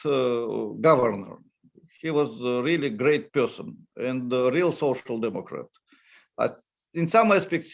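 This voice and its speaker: A man with a Russian accent speaking non-native English at a conference talk, halting with many fillers. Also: fairly high pitch. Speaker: economist speaker.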